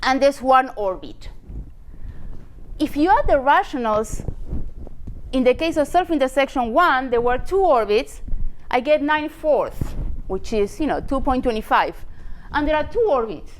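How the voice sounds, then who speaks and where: A woman's voice: sits high, lively intonation, a little slow, slight background noise. A woman giving a math lecture in a lecture hall. She explains step by step, with lots of "you know".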